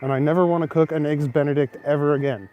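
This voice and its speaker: A young Canadian man walks snowy city streets at night, hosting a casual live stream on a handheld phone camera and replying to viewers' comments as he chats. His fairly high voice is steady and brisk. The audio sounds dull, with slight background noise.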